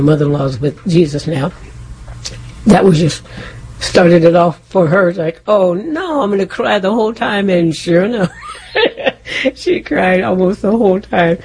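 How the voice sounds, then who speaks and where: A woman's voice: sits low, slight background noise. A woman co-hosting a casual faith chat, telling a personal story with animation and acting out what people said. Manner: animated, acts out quotes, laughs often. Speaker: co-host.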